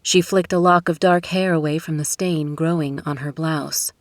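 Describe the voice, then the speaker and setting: A woman reading a romance novel aloud in a steady, measured way. Her voice sits low, and the booth recording is close and completely dry. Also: no room sound. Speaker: audiobook narrator. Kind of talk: scripted narration. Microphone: studio microphone.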